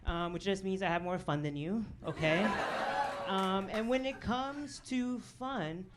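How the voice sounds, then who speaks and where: Stand-up comic, south-suburban Chicago, casual rambling delivery, live club tape with background noise. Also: female voice, mid-range voice, a little slow. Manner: casual storytelling, peppered with "um" and "right?". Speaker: stand-up comedian. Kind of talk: stand-up comedy set. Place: comedy club stage. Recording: noisy live club recording.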